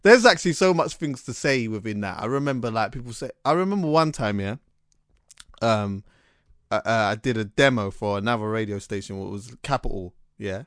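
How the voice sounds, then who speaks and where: A man's voice: on the low side, a little fast, no echo, clean studio sound. A man, hosting a podcast and telling stories casually, full of slang and restarts. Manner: animated storyteller, London slang, lots of restarts. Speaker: podcast host. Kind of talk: casual chat.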